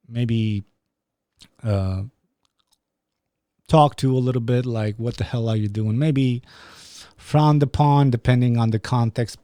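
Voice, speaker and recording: Ranting Romanian-accented man, mellow voice. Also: mid-range voice, no echo, clean studio sound. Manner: ranting, heavy swearing, frequent restarts. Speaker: podcast host. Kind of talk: angry profane monologue.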